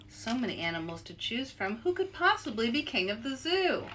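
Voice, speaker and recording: A woman author leading an interactive storybook read-aloud for children, playful and animated, inviting listeners to join in. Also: a little high, moderate pace, hardly any pauses, a little hiss or hum.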